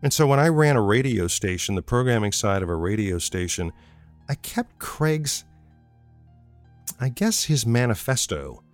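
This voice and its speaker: A man's voice: medium pitch, lively intonation, a little slow, soft background music. A man who once ran radio programming, telling a personal story in a conversational way and repeating phrases for emphasis. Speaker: former radio programming manager.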